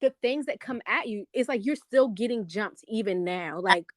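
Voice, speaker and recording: A woman's voice: medium pitch, moderate pace, dry recording. A woman in casual chat who affirms her friend and calls her "girl".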